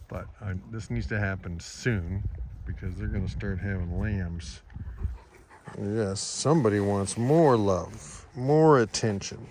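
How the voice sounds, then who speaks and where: Slow-talking man cooing at farm animals. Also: a little mellow, a little hiss or hum. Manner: coos in high baby talk to his animals. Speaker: farm church minister. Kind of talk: casual farm vlog. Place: outdoors on a windy farm.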